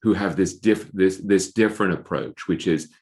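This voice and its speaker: A man's voice: low-pitched, normal speed, a little mellow. A middle-aged man speaking as an author guest in an interview, thoughtful and often repeating words as he searches for phrasing. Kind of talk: conversational interview.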